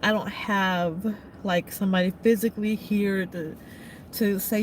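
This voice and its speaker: A woman vlogger speaks to her audience in a halting, emotional way, thanking supporters by name. Her voice sits in a fairly ordinary register. Steady noise runs underneath the recording. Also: medium pitch. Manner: tearful, thanking viewers by name. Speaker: trucker and vlogger. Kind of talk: emotional live-stream chat. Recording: noisy background.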